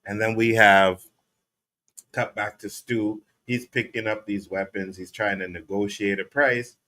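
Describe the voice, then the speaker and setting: Male co-host, bright tone, lively casual recap, slips into quoted lines. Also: fairly low pitch, a little slow. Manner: animated, laughing, acts out character quotes. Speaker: podcast co-host.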